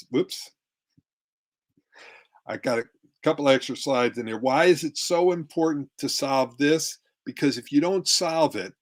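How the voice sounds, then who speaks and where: A middle-aged man giving a relationship workshop talk with slides, acting out tones of voice to make his points. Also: medium pitch. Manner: demonstrative, acts out tones of voice. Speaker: relationship coach.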